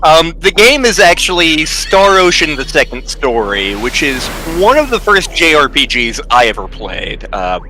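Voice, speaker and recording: A man from Virginia co-hosting a game stream, chatting and rambling with quick jokes. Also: fairly high pitch, big pitch swings, background noise. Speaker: co-host. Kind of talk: casual chat while streaming a game.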